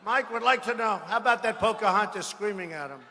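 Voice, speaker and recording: Boastful man shouting in an echoey hall. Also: high voice, a little fast, background noise. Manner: boastful, mocking, repetitive, bursts into shouting. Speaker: political speaker at a rally. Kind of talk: rally speech. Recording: echoey hall with faint ambience.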